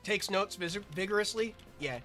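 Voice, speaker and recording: This gaming creator offers loose, talkative commentary on his gameplay, frequently breaking off his own sentences. He speaks in a high, sharp voice at a moderate pace over soft background music.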